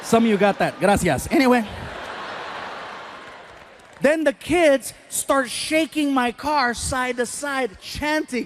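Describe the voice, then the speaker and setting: High-voiced man telling stand-up stories. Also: takes it slowly, background noise. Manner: animated, acts out other people's voices. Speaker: stand-up comedian. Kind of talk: stand-up comedy storytelling.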